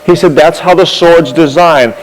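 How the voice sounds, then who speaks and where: A man's voice: a little high, moderate pace. Chatty man telling history in an echoey hall. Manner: chatty, repeats words while gathering thoughts; demonstrates with props as he talks. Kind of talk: anecdotal storytelling talk.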